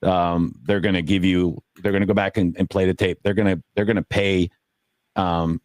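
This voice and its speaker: Low-voiced man telling a story. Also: flat delivery, moderate pace, a little mellow, no room sound. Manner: rambling, many fillers, acts out quotes. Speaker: poker podcast panelist. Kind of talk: casual storytelling.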